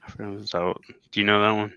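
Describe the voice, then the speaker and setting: Gravelly, crisp-voiced laid-back man. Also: lowish voice, level tone, fast, pushed and bright, no room sound, lo-fi sound. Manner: laid-back, laughing easily. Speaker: co-host reacting to clips. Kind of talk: casual chat.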